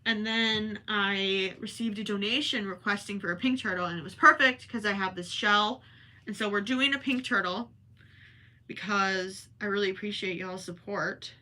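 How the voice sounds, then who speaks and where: A woman's voice: medium pitch, normal speed, bright, forceful tone. A young woman hosting a crochet livestream, chatting casually with viewers and rambling as she works, sometimes turning from the mic. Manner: chatty and rambling, self-correcting, talks while working. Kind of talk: casual chat while crocheting live.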